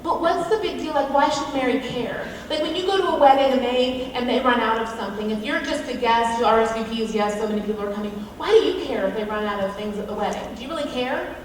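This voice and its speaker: A woman's voice: a little high, fast talker, few pauses, a little hiss or hum. A woman giving a humorous devotional talk at a women's event, chatty, with self-mocking asides. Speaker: featured speaker at a women's event. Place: large hall. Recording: echoey hall from far off.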